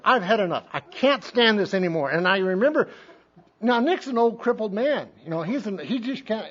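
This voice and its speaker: A man's voice: high voice, fairly bright tone, husky. A man from Montana giving a speaker share at a recovery meeting, telling his story in a folksy way and acting out what others said. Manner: folksy storytelling, acts out quotes. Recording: dull lo-fi meeting tape.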